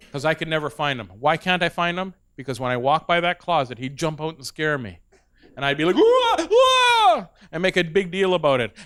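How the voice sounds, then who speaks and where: A middle-aged man doing stand-up, telling animated stories about his kids and slipping into soft, earnest asides. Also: mid-range voice, clear, resonant tone. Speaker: stand-up comedian. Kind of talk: stand-up comedy storytelling.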